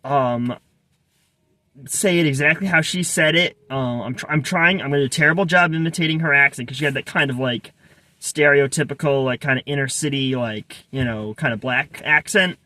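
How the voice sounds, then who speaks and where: A man's voice: mid-range voice, moderate pace, bright, forceful tone, dry recording. A man casually telling a personal story, rambling with many restarts and asides. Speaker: vlogger.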